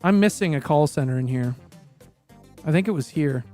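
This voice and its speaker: A man's voice: a little high, lively intonation, normal speed, mellow, faint music behind. A Canadian man in his thirties, chatting casually and rambling through his past jobs, swearing freely and correcting himself as he goes. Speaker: streamer.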